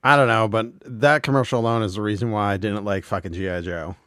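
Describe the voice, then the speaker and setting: Male podcast co-host, low voice, dry close mic, rambling casual recaps. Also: fairly even intonation, fast, pushed and bright, dry recording. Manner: rambling, laughing, swearing, acting out quotes. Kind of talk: casual retelling of TV episodes.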